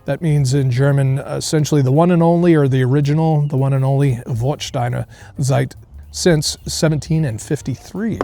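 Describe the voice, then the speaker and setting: A man's voice: medium pitch, steady tone, normal speed, gravelly, warm tone. A man hosting a casual beer review outdoors, rambling through jokey tasting notes with many fillers. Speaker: beer reviewer, show host. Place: outdoor beer garden on a cold day.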